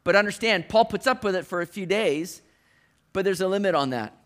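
Guy preaching like he's just chatting, lots of restarts, pretty high voice. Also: brisk, fairly bright tone. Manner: conversational, frequent restarts, modern slang asides. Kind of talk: sermon.

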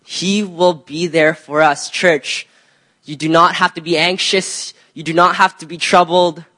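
A young man with a notably high voice gives a sermon to his church. He talks loosely and conversationally, leaning on filler words and restarting his sentences as he goes. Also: fairly even intonation, unhurried, bright, forceful tone. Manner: conversational, many "you know" fillers and restarts. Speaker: preacher.

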